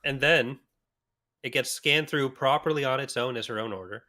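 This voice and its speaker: A man's voice: medium pitch, moderate pace, bright, forceful tone. A man from Canada co-hosting a podcast, telling a laid-back anecdote in casual chat. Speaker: podcast co-host.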